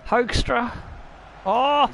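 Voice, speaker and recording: A man's voice: very high-pitched, very slow, creaky. A man who hosts a gaming channel, commenting on his own football video game match with frequent laughter and swearing. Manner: laughs often, swears freely, excitable. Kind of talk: casual gameplay commentary.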